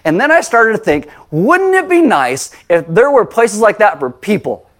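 A man delivers a sermon as a pastor, his voice sitting a touch higher than most men's. He preaches conversationally and slips into lively acted-out voices when he tells a story. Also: moderate pace.

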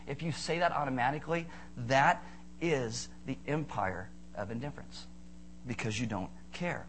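A pastor's mid-range voice moves a little fast through a lively sermon full of rhetorical questions and jokey asides to the congregation, against slight background noise.

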